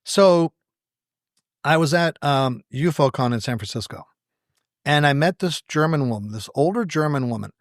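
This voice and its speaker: A man's voice: on the high side, moderate pace, no room sound, studio quality. A man, a podcast guest, telling stories with wry humor and acting out quoted dialogue. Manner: animated storyteller who acts out quoted dialogue; wry, self-deprecating humor. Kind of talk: anecdotal storytelling in conversation.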